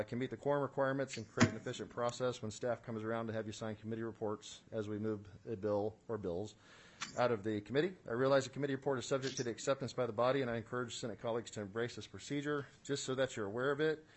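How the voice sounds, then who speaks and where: The voice is a man's, medium in pitch, with a little hiss or hum in the audio. He chairs a state senate committee's formal hearing in a committee room, conducting it in a procedural, businesslike manner with many "uh"s and the odd dry comment.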